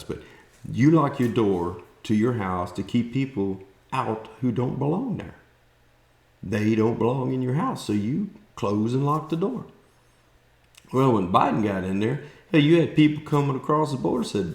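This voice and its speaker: In an echoey room, a man speaks at a moderate pace in a gravelly, darkish mid-range voice with big pitch swings. He's a South Texas political vlogger, ranting bluntly and folksily with fired-up energy and mocking impressions of others.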